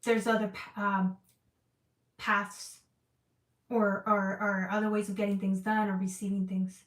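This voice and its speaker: A woman's voice: mid-range voice, little pitch movement, measured pace, distant mic. Female tarot reader, earnest and repetitive, recorded in an echoey room off-mic. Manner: emotional, repetitive, searching for words. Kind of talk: casual tarot reading.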